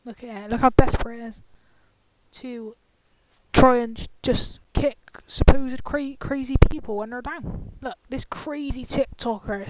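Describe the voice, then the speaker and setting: A woman's voice: on the high side, a little slow, darkish tone. A woman ranting in an angry, profane, confrontational vlog commentary. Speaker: vlogger. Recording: clicky, glitchy, noisy screen-recorder audio.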